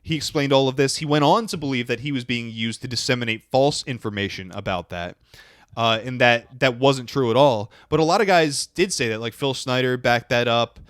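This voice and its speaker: A man's voice: medium pitch, fairly quick, fairly bright tone, no echo, clean studio sound. Rambling man on a podcast. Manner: rambling, trails off and restarts often, swears casually. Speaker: podcast host. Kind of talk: casual podcast chat.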